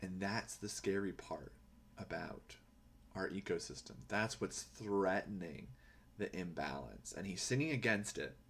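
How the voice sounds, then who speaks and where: A man's voice: sits low, expressive, measured pace, creaky, a bit bright, breathy edge. A man hosting a poetry podcast, giving earnest, emphatic commentary and often asking a rhetorical "right?". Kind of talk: reflective commentary on a poem.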